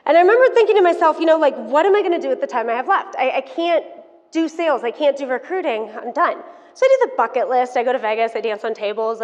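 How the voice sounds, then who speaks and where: Woman in her 30s doing a keynote, lively storytelling, kinda high voice, long hall echo, dull sound. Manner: animated storytelling, frank and playful with the audience. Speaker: keynote speaker. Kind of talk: motivational keynote talk.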